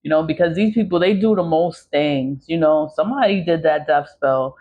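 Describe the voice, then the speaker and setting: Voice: medium pitch, moderate pace. Vlog host, blunt and emphatic, swears freely, mid-range voice, slightly muffled audio. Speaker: content creator. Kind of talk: casual vlog monologue.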